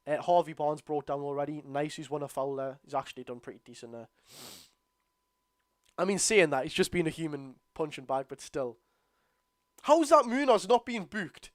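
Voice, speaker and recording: A tired Geordie man hosting a live football watchalong, bursting out at the referee and grumbling low between plays. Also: fairly quick, no echo, studio quality. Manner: excitable outbursts at the referee, then low grumbling asides. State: tired, yawning. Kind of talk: live football watchalong commentary, reading chat.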